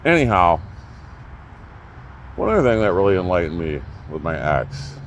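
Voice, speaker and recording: A man's voice: very animated, normal speed, slight background noise. Profane, rambling middle-aged man ranting outdoors. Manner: blunt and profane, swinging from loud outbursts to low muttering. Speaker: YouTube channel host. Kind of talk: unscripted rant to camera.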